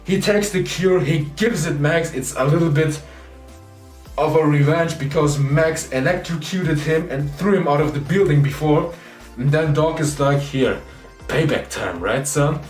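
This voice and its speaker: Young guy gushing over a movie, kinda high voice, echoey room, mic a bit far off, faint music behind. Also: normal speed. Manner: excited, retells scenes acting out quotes. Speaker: movie reviewer. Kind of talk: casual spoiler review.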